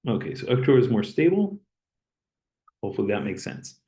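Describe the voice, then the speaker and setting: A man lecturing, explaining step by step as he draws and pausing on an occasional "okay". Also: on the low side, very animated, warm tone, poor audio. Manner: plain, step-by-step explaining with okays. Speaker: chemistry lecturer. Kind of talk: recorded lecture while drawing.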